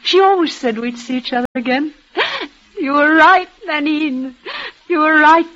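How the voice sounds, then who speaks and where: An actress playing a dying young woman in a vintage radio drama, speaking in a breathless, halting, tremulous way. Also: high voice, fairly bright tone. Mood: tender. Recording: dull old radio recording.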